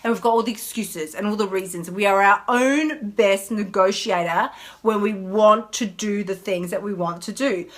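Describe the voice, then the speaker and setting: A woman, a health coach chatting casually on a live stream in an animated way. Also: medium pitch, normal speed. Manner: chatty, animated, mimics whiny inner voices.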